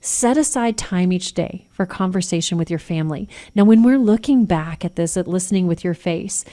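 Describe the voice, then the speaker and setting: A woman's voice: on the low side, normal speed, warm tone. An American woman hosting a Christian radio show, giving earnest parenting advice and acting out sample phrases. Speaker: radio host, nurse practitioner.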